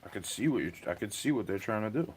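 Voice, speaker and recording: Agitated young man ranting, low voice. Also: lively intonation, fast, a little hiss or hum. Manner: agitated, swearing, rambling rant. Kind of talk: ranting monologue to a livestream chat.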